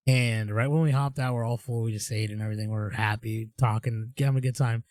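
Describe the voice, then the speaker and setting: A man's voice: mid-range voice, steady tone, fast talker, a little mellow, no room sound. A man co-hosting a casual podcast chat, telling long, rambling stories full of "dude" and "like". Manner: rambling storyteller, says dude. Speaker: podcast co-host.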